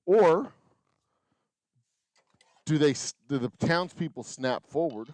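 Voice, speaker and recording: A man's voice: on the high side, animated, slow pace, darkish tone. A man hosting a live stream from his distillery, rambling through sarcastic musings and counting bottles under his breath as he works. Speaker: distiller and channel host. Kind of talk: rambling live-stream chat while working. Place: small distillery bottling room, indoors.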